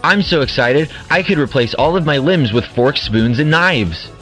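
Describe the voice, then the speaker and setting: A man's voice: a little high, lively intonation, moderate pace, a bit bright, soft background music, low-quality recording. A man voicing a chipper young woman contestant who is perky and eager, in a comedic audio drama.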